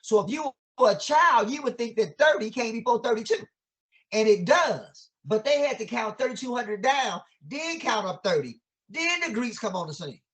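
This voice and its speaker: A man's voice: very high voice, lively intonation, normal speed, a bit bright. A man, an educator, speaking in an impassioned, preacher-like way, asking many rhetorical questions and using casual vernacular grammar. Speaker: educator guest. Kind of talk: impassioned conversational teaching.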